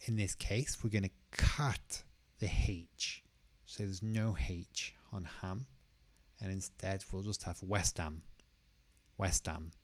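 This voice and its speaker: A man teaching English pronunciation, slowly repeating each word clearly for learners in a careful lesson style. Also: low voice, fairly even intonation.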